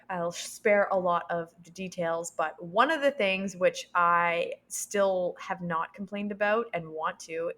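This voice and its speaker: A young adult woman, a podcast guest, telling a personal story with lively quoted voices and frequent laughs. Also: fairly low pitch. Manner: animated, acts out quoted voices; laughs between sentences.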